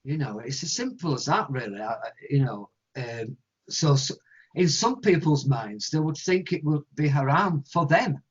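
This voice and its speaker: English man, guest interviewee, husky, animated storyteller, muffled lo-fi recording. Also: a little high, normal speed. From England. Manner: animated storyteller, acts out quoted voices. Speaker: guest musician. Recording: lo-fi muffled audio.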